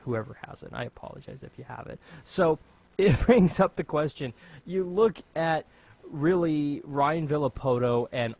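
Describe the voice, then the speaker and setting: A man's voice: mid-range voice, dry recording. A man with an American accent hosting a podcast, rambling and joking at his own expense in a casual chat. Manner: rambling, joking, self-mocking. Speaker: podcast host.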